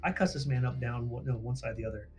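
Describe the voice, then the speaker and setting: A man's voice: medium pitch, steady tone, fast talker, darkish tone, soft background music. A man casually telling a story on a livestream, acting out quoted dialogue, swearing freely and laughing at himself.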